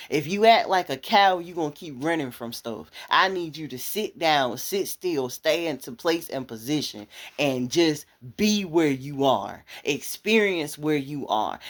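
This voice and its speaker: A woman preaching a motivational sermon, speaking straight to the listener in a conversational way and building to loud, fervent passages. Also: sits low. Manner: impassioned, rising to loud fervor; conversational, addressing listener directly.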